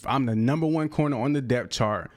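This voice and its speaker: A young man commentating his own football video game play in casual slang, breaking into sudden bursts of excited frustration. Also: medium pitch, brisk. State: out of breath. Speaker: gaming creator. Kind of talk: live gameplay commentary.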